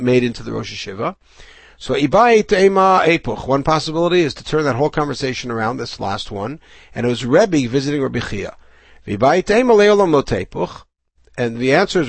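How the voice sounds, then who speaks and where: A man's voice: a little high, creaky, dry recording. A man teaching a Talmud class, reading Aramaic passages aloud and then explaining them in English with frequent restarts.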